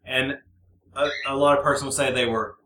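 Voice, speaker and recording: A young man with a bright, edgy tone, talking bluntly and sardonically on a podcast. He is recorded in an echoey room with faint noise behind him. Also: mid-range voice, fairly even intonation, fairly quick. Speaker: podcast host. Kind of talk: casual chat.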